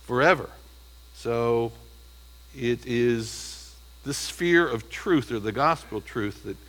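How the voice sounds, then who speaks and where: A man's voice: medium pitch, bright, forceful tone, low-quality recording. A man preaching an expository sermon, emphatic and teaching, often asking the congregation questions. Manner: emphatic, stresses single words. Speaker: pastor.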